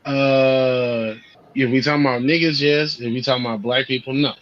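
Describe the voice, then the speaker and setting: A man calling into a casual chat, speaking in a laid-back, halting way. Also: mid-range voice, steady tone, muffled recording.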